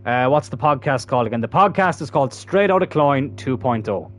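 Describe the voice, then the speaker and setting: Playing a football video game, a gaming YouTuber keeps up brisk, animated chatter in a medium-pitched voice. He swears freely and erupts into loud laughter.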